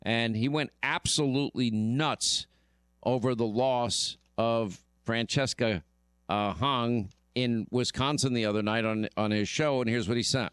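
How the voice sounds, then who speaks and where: A man's voice: mid-range voice, unhurried, fairly bright tone, clean tone, no room sound, clean studio sound. A male radio talk show host giving emphatic commentary and often repeating himself.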